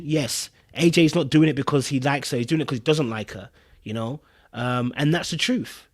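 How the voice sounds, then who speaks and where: A man hosting a live podcast stream, reacting to a reality show clip in casual, emphatic commentary, repeating himself and talking straight to viewers. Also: fairly high pitch. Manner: emphatic, repetitive, addresses viewers and chat directly.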